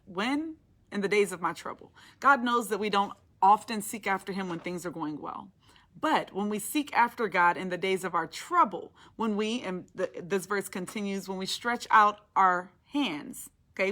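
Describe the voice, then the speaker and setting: A woman with a bright, forceful, mid-range voice gives a devotional Bible teaching. She reads scripture aloud and preaches on it, her passion building into emphatic declarations.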